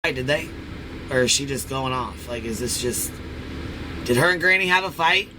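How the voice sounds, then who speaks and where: Excitable, swearing man co-host. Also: mid-range voice, normal speed, background noise. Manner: excitable, swearing, laughing reactions. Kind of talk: live reaction stream chat.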